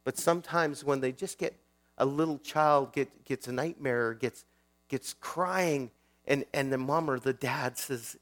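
A man's voice: medium pitch, unhurried, a bit bright. A male pastor preaching a sermon in a conversational way, often putting questions to his listeners.

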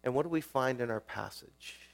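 A man's voice: medium pitch, normal speed, creaky. Conversational male pastor, mains hum. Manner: conversational, asks the listeners questions. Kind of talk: sermon.

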